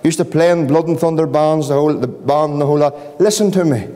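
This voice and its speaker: A middle-aged man with a Northern Irish accent preaching an evangelistic sermon, pleading and impassioned, dropping to hushed questions. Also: fairly high pitch, fast. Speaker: pastor. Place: church hall. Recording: long hall reverb.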